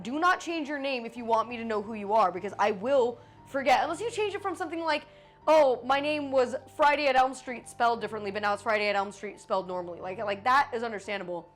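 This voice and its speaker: A woman streamer in casual live chat with her viewers, swearing freely and swinging between joking and apologizing. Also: fairly high pitch.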